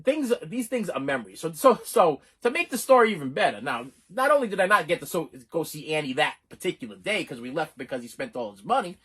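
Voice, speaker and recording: Middle-aged man, rambling storyteller, husky, very lively pitch; quick talker. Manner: rambling, animated, lots of restarts. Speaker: channel host. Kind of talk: casual storytelling.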